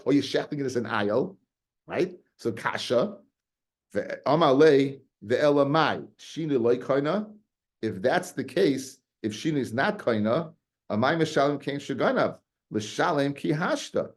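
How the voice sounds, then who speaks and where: A man teaching a casual Talmud class, animated and often repeating words as he explains. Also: medium pitch.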